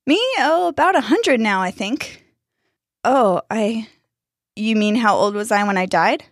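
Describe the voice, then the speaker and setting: A woman's voice: medium pitch, measured pace, no room sound. A woman voicing a friendly twelve-year-old ghost boy who appears as a glowing head, heard dry and close. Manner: cheerful, friendly.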